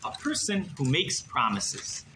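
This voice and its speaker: A male rabbi telling a story in a sermon, as an animated, dramatic storyteller, in an echoey room with background noise. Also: fairly high pitch, unhurried.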